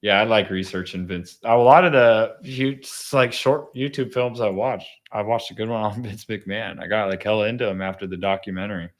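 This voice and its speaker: A man's voice: fairly low pitch, fairly quick, hardly any pauses. A young man, chatting casually on a podcast, laid-back, laughing often and swearing freely. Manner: laid-back, laughing, swears a lot, says "bro" and "dude". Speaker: podcast host. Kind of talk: casual chat.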